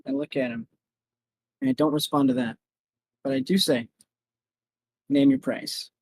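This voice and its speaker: A man playing a tabletop role-playing game, talking animatedly in quick bursts. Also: mid-range voice, fairly even intonation, breathy edge, low-quality recording. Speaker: player.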